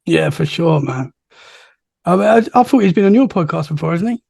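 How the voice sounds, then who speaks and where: An English man hosting a podcast in a casual chat, upbeat and quick to laugh. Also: a little high, animated, gravelly, a little mellow, slightly rough, no echo, clean studio sound. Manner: upbeat, laughs easily, enthusiastic praise. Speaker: podcast host.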